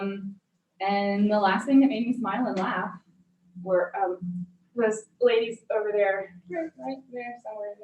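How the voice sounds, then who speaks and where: A woman trainee introduces herself to the group, pausing often on ums as she searches for words. Her voice is dull and muffled. It echoes around a studio, picked up from a distance. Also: mid-range voice, a little mellow. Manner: hesitant, many ums. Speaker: yoga teacher trainee. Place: yoga studio room with a group.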